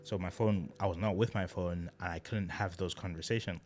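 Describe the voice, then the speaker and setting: A young man casually telling a personal story to the camera, chatty and animated, with lots of fillers and restarts. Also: low voice, fairly quick. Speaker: vlogger.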